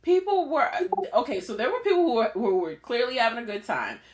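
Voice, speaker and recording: A woman's voice: on the high side, very animated, fairly quick. A woman co-hosting a podcast, chatting casually and animatedly, often laughing as she tells a story. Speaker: podcast co-host.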